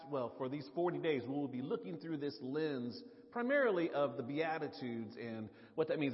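A man with a Southern US drawl preaching a sermon in a chatty, casual way, often breaking off mid-thought. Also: on the high side. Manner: casual, chatty, self-interrupting. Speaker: pastor. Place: church sanctuary. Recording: muffled live recording in a reverberant hall.

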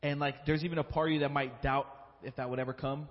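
A man's voice: medium pitch, flat delivery, quick pace. Earnest guy at church telling a story then praying, big hall echo, kinda dull sound. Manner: earnest, storytelling, emotional at times. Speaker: church speaker at offering time. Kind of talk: sermon testimony and prayer.

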